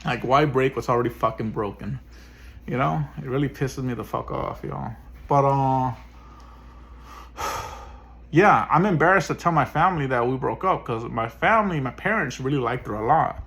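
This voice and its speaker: A man's voice: medium pitch, moderate pace, vocal fry, a bit bright. A man venting in a personal vlog as a single dad, swearing often and sounding frustrated. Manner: profane, frustrated ranting.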